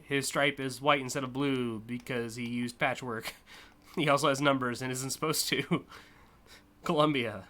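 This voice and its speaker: Bright-voiced chatty American streamer. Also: male voice, medium pitch, fairly even intonation. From United States. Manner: rambling and chatty, with frequent uh and like, quick laughs. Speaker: streamer hosting a community car contest. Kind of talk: live-stream commentary.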